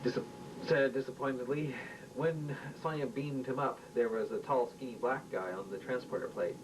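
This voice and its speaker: A man reading a homemade science fiction story aloud, haltingly and with restarts, recorded at home from a distance with a faint rumble. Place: home room.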